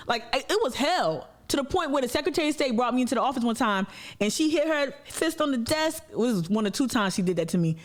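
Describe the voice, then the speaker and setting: A woman hosting an activist panel discussion, talking in an animated, slangy way and swearing freely. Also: a little high, brisk. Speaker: activist show host.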